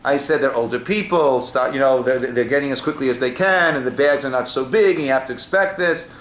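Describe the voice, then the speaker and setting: Briskly and a bit brightly, a medium-pitched American man teaches an informal Torah class as a rabbi. He tells stories peppered with "right?" asides; the echoey room has faint ambience and slight background noise.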